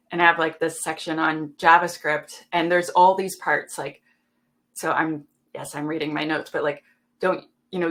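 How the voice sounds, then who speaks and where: A woman on a panel, chatting casually and telling animated stories in which she acts out the dialogue. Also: fairly low pitch.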